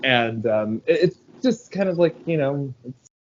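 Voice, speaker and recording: A man's voice: mid-range voice, animated, unhurried. A man co-hosting a podcast in casual chat, talking animatedly, swearing often and acting out movie scenes with laughter. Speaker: podcast co-host. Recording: slightly dull audio with faint noise.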